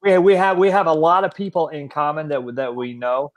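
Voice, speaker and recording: A man's voice: on the high side, brisk, over a noisy crowd. A man hosting an interview, earnest and supportive, often repeating words as he speaks. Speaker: host. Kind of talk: earnest interview, recovery talk.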